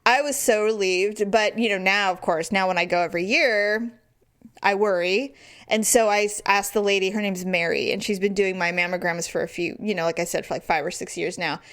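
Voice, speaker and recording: A woman co-hosting a podcast, telling a story in casual chat with animated delivery and casual swearing. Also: medium pitch, a little fast. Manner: animated storyteller, acts out quoted voices; swears freely. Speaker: podcast co-host.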